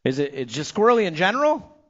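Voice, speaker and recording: A man announces a live bike race from the booth, his voice sitting a bit high for a man. He is upbeat and playful, hyping riders with nicknames and running jokes. The sound is dull and lo-fi, like a track speaker feed. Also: sing-song, quick pace, fairly bright tone.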